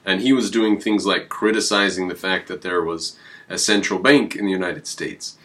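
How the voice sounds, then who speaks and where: A man hosting his own channel, talking in a rambling, emphatic way with sudden jumps in pitch. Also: steady tone, normal speed, fairly bright tone. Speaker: channel host. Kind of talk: casual on-camera commentary.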